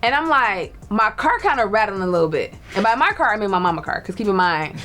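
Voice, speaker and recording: A woman tells a personal story in a relaxed, chatty way. She laughs often and acts out other people's lines as she goes. Faint music plays underneath. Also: mid-range voice, fast talker. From Detroit. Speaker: storyteller guest. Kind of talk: casual storytelling.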